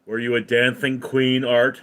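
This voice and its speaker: A man's voice: mid-range voice, completely flat delivery, a little slow, fairly bright tone. A man hosting a casual live stream, reading viewer comments aloud and answering them offhandedly. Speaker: livestream host.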